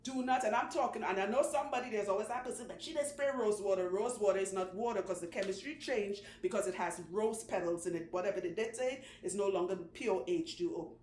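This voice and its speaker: A woman who owns a salon, telling long stories in a chatty, animated way and laughing often. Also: mid-range voice. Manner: chatty, animated, laughs often, does quick voices for people she quotes. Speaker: loctician, channel host. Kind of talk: casual storytelling talk. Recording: echoey room with faint background noise.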